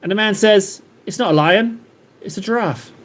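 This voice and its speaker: Male stream host, high-pitched, loose and jokey, talks in fits and starts with constant fillers. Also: moderate pace, slight background noise. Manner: rambling, jokey, lots of fillers and self-interruptions. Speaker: livestream host. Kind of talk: casual chat with live chat readers.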